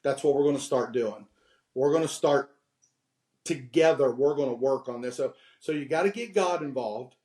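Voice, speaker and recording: A man's voice: medium pitch, normal speed, dark tone, reverberant. A man in his fifties, a podcast guest, telling candid stories with frequent laughs and giving preachy advice. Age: 50s.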